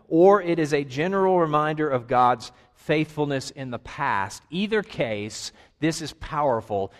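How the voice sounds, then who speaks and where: A man preaching a sermon to his congregation, earnest, with dramatic pauses and rising emphasis. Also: on the high side. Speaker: pastor. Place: church sanctuary. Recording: long hall reverb.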